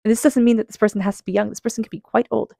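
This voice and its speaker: A woman giving a psychic tarot reading, earnest and speaking straight to the listener, calm with slow passages. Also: medium pitch, gravelly, dry recording, studio quality. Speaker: tarot reader.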